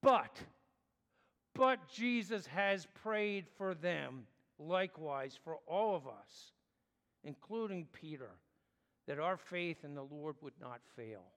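A man's voice: on the high side, animated, a bit bright. Earnest preaching man in a reverberant hall. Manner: earnest, explanatory, measured pauses. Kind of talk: sermon.

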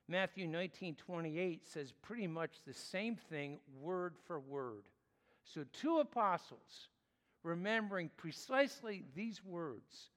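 A man preaching a sermon in an earnest, explanatory way with measured pauses. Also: on the high side, a bit bright, big-room sound.

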